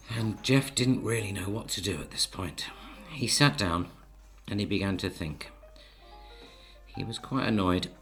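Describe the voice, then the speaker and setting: A man tells a children's story in a gentle, coaxing way while he sketches the pictures. His voice is deep and unhurried, and he keeps turning to the listener with little questions. Faint music plays in the background. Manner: gentle, coaxing, speaks to the audience. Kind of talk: storybook narration while drawing.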